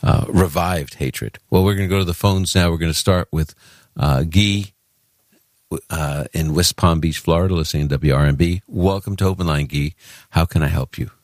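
Very deep-voiced call-in radio host. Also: male voice, moderate pace, no echo, studio quality. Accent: New York. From Brooklyn, New York. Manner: chatty, earnest, with fillers and restarts. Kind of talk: live call-in radio talk.

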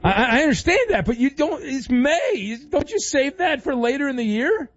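A man's voice: extremely high pitch, sing-song, moderate pace, dry recording, highs cut off. A man hosting a sports talk radio show, talking in a playful, teasing way.

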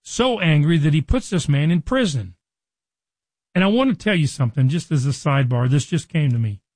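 A man's voice: on the high side, lively intonation, fairly quick, a little mellow, no room sound. A man teaching from the Bible on a radio program, earnest and conversational, now and then acting out the lines he quotes.

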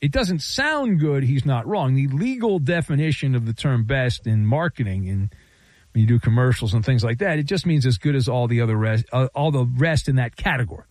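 A man's voice: medium pitch, expressive, a little fast, a little mellow, no echo. A man hosting a sports talk radio show, riffing in a sarcastic, playful monologue.

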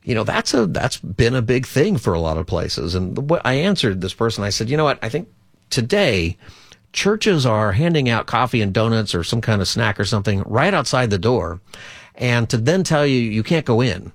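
A man's voice: mid-range voice, big pitch swings, moderate pace, dry recording, studio quality. A man hosting a call-in radio talk show as a pastor, speaking in a chatty, rambling, conversational way.

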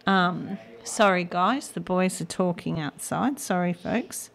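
A woman's voice: fairly low pitch, creaky. An older woman hosting a gospel radio show, giving an earnest, emotional devotional talk. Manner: earnest, emotional, slow and heartfelt.

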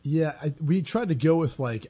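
Man, husky voice, sports podcast co-host, earnest, casual chat. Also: fairly high pitch, animated, moderate pace, dark tone, soft background music.

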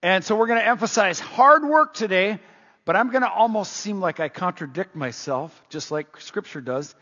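Husky emphatic preacher man in a hall. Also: high voice, normal speed. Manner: animated, emphatic and repetitive. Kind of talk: sermon. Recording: dull reverberant church sound.

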